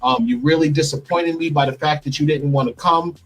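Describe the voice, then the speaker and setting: Husky man bluntly retelling his story. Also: fairly high pitch, a little fast, fairly bright tone, faint music behind, poor audio. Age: middle-aged. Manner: blunt, vivid retelling with quoted dialogue. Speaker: interview guest telling his story. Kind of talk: candid interview storytelling.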